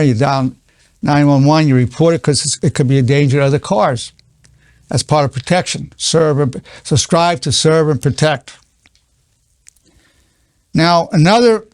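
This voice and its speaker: An older man in his eighties talks through a lesson with earnest, repetitive conviction, often restarting his sentences. His voice is gravelly and sits a bit high. The sound is dry and close. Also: a little mellow, dry recording. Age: 80s. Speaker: psychologist teaching a lesson. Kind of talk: unscripted spoken lesson.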